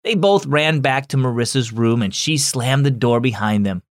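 A man hosting a Christian children's devotional and reading a story aloud, gentle and expressive. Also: mid-range voice, moderate pace, no echo, studio quality. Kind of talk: scripted narration for children.

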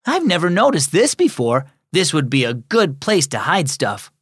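A man voicing an eager, excited young boy in a children's story. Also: on the high side, normal speed, husky, no echo, clean studio sound, exaggerated voice. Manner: excited, wondering.

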